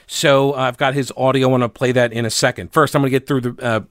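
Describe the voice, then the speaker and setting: A man's voice: medium pitch, fairly even intonation, quick pace, a bit bright, no room sound, studio quality. A man hosting a political commentary show, talking in a mocking, sarcastic way as he reads statements aloud and picks them apart.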